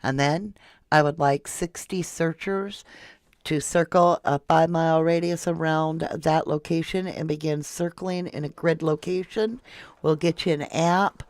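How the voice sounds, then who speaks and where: A woman's voice: sits low, steady tone, a little slow, darkish tone, dry recording, studio quality. A woman from Florida hosting a casual true crime livestream, chatting and reading viewer comments aloud. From Florida, USA. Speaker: true crime channel host.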